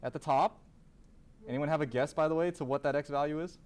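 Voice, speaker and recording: A man's voice: a little high, steady tone, a little fast, darkish tone, smooth. A man teaching a calculus class, asking students questions, then answering them himself and repeating key terms. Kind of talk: classroom lecture.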